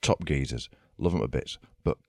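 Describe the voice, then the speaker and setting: A man's voice: very deep voice, moderate pace, vocal fry, darkish tone, dry recording. A middle-aged man, ranting sweary and mock-outraged as a podcast host. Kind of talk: comic monologue rant.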